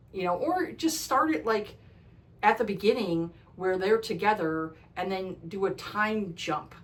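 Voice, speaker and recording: A woman chatting through a book review in a casual vlog, with a mid-pitched voice. She is blunt and ranty, drops swear words freely, and leans on "like" as a filler. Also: low-quality recording. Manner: frequent "like" fillers.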